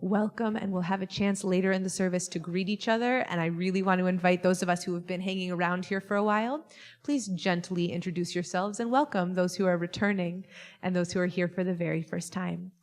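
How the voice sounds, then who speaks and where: A woman's voice: on the low side, steady tone, brisk. Playful woman rabbi in echoey sanctuary. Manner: chatty and playful with the congregation. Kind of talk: leading a Shabbat service. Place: synagogue sanctuary.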